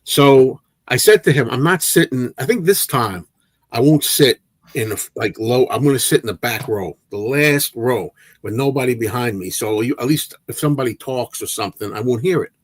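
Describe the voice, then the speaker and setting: A man hosting a casual movie chat livestream, telling an animated anecdote with frequent restarts and repeated words. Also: mid-range voice, normal speed, dry recording. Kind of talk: casual storytelling to a live chat.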